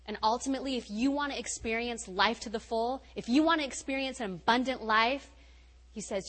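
A woman preaching as a guest speaker, her voice sitting a little higher than most. She tells personal stories with easy laughter, building to loud, emphatic lines and then dropping to soft, quiet ones. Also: a little fast, long reverb tail, rough recording. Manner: animated, laughing storytelling. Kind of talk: sermon.

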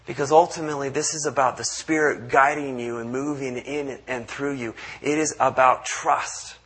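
A man's voice: medium pitch, fairly even intonation, normal speed, fairly bright tone, slightly rough. A man preaching a conversational sermon, acting out quotes and restarting often. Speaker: pastor.

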